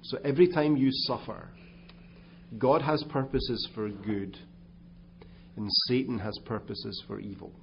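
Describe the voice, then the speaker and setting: A man's voice: mid-range voice, unhurried, gravelly, highs cut off, slight background noise. A man giving a conversational sermon as pastor, with asides and restarts. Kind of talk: sermon talk.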